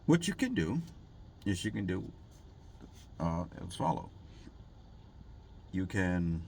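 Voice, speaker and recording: A man's voice: low-pitched, very animated, slow, creaky, a little mellow, a little hiss or hum. A man vlogging in a rambling, jokey way, full of fillers and asides. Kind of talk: casual rambling vlog talk.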